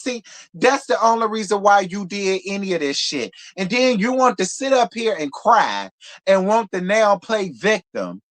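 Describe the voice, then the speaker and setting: A slightly bright, medium-pitched voice delivers a blunt, profane live reality TV recap. The host repeats points for emphasis and talks right to her audience, addressing them as "girl" and "y'all."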